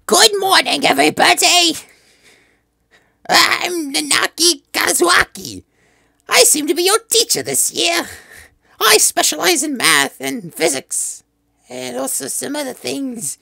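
Guy putting on a squeaky drowsy quail teacher, croaky and swooping all over, dry mic. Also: slow pace, sharp tone, dry recording, full character voice. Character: sleepy absent-minded male quail teacher. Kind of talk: voicing game dialogue.

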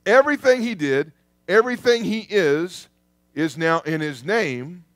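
A man preaching a sermon in a church, lively and conversational, calling out to the congregation. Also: high-pitched, a little slow, no echo, studio quality. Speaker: pastor. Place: church sanctuary.

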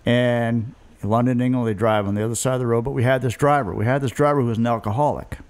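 A man's voice: mid-range voice, steady tone, fast, a little mellow. A middle-aged man, a guest musician, telling road stories in a rambling, self-deprecating way. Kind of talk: casual storytelling chat.

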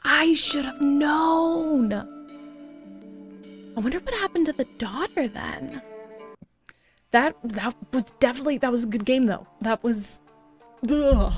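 A woman's voice: a little high, animated, slow pace, long pauses, darkish tone. A young woman streaming a horror game, jumpy and talking to the game as she plays, often exclaiming and swearing at it. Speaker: gaming streamer. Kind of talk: horror game let's play commentary. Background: game music.

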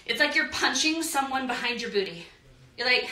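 Bright-voiced woman counting dance beats. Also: high voice, animated, moderate pace, distant mic. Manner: upbeat, counts beats aloud and chants. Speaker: dance instructor. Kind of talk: live online dance class. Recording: echoey room, voice off-mic, faint noise.

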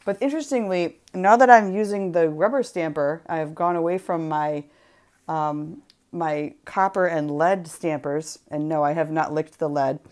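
On her casual craft livestream, a woman with a deep, darkish voice chats while stamping, playful and giggly, drawing out her words.

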